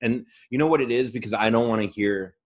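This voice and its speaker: A man's voice: mid-range voice, quick pace. A man hosting a casual comedic podcast chat, joking, laughing often and acting out quoted voices. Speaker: podcast host.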